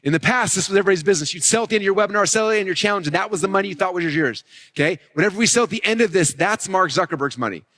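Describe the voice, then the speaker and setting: A man teaching a live marketing session, fast and energetic, often acting out customers' thoughts. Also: high-pitched. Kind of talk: live event teaching talk.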